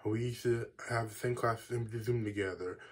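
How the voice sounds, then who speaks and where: A young man spins a casual story for his viewers, his voice husky and rough-edged at an ordinary middle pitch. He rambles, doubles back on himself, and keeps throwing in asides. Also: moderate pace. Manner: rambling and animated, with frequent asides and restarts. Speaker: vlogger.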